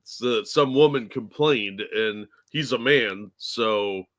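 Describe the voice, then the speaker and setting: A man's voice: fairly low pitch, takes it slowly, a bit bright. A man co-hosting a casual podcast chat, making blunt, crude, sarcastic remarks. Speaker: co-host.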